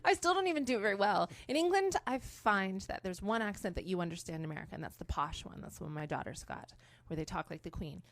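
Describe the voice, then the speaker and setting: Gravelly, deadpan female comedian. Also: mid-range voice, fast, dry recording. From Canada. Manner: dry, deadpan. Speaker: comedian guest. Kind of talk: casual interview.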